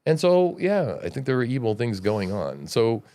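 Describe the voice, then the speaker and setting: A man's voice: mid-range voice, very animated, normal speed, dark tone. A man hosting his own livestream, giving blunt, profane political and religious commentary in a preachy rant, with mocking quotes of opponents. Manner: jumps between mocking quotes and lectures. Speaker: livestream show host.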